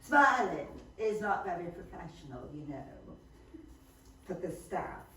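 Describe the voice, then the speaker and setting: A woman's voice: on the low side, very animated, a little slow, bright, forceful tone, exaggerated voice. A woman playing a haughty rich snob. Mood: snobbish. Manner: haughty, gushing. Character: snobbish wealthy wife, gossipy and giggly. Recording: echoey hall, far from mic.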